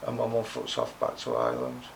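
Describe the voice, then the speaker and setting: A man's voice: mid-range voice, sing-song, a little fast, creaky, a little hiss or hum. A man telling a hard personal story in blunt, streetwise talk, often adding "you know what I mean". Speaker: interview guest.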